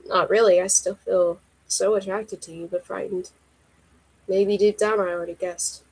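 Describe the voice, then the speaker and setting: A woman reading the lines of a teasing adult man in a soft, murmured delivery. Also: medium pitch, fairly even intonation, moderate pace, slightly rough, poor audio. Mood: low teasing.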